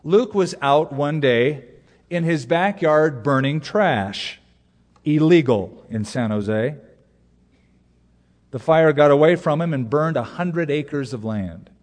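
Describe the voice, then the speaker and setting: A man's voice: on the high side, lively intonation, slow, darkish tone. Emphatic preacher man in a reverberant hall. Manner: storytelling with jokes, emphatic repetition. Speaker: pastor. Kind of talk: sermon. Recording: long reverb of a large hall.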